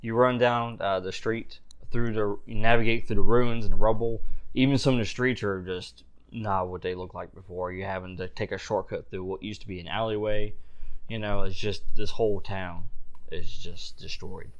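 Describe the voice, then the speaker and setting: A male game master narrates a tabletop role-playing scene in a fairly low voice. He describes the action slowly and loosely, with casual fillers. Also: fairly even intonation.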